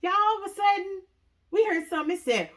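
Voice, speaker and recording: A woman casually telling a story to viewers, often calling them "y'all" and acting out what people said with big jumps in her voice. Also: fast talker. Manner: animated, acts out quotes with big pitch jumps; talks straight to viewers, says "y'all" often.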